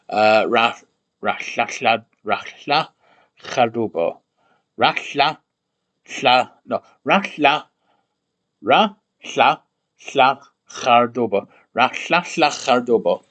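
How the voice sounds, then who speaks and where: Slow, musing man talking to himself. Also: mid-range voice, a bit bright. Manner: musing, sounds out invented words slowly, often corrects himself. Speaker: streamer building a constructed language. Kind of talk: casual livestream talk.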